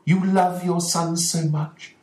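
A man voicing a gentle, loving wife lying in bed in a storybook reading. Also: a little high, level tone, slow, voice pushed up. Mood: tender. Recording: echoey room.

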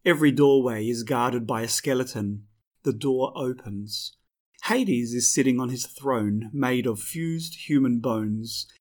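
A man giving slow, clear first-person scripted audiobook narration. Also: mid-range voice.

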